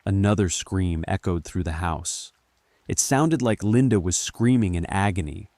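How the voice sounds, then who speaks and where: A man narrating a scripted horror story in a calm, measured first-person telling. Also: sits low, no room sound, clean studio sound.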